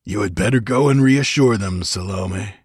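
Sardonic mercenary lord, husky drawl, read by a male narrator; storybook villain. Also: lowish voice, moderate pace, no echo, studio quality.

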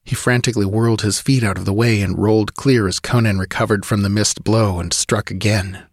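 A man with a fairly low voice reads a dramatic adventure audiobook with vivid, driving storytelling. The sound is dry and close, with no room around it. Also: steady tone, a little fast, dry recording. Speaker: audiobook narrator.

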